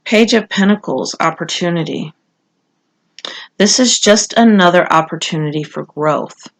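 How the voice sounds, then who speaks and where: A woman's voice: on the low side, a little slow. A woman giving a casual, conversational tarot reading, talking with frequent fillers and asides. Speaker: tarot reader.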